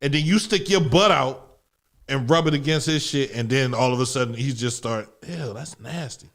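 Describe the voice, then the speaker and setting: A man co-hosting a radio show, reading out listener letters and reacting loudly with swearing and laughter. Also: mid-range voice, moderate pace. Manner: loud, animated, swears a lot, laughs often. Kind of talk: casual profane radio banter.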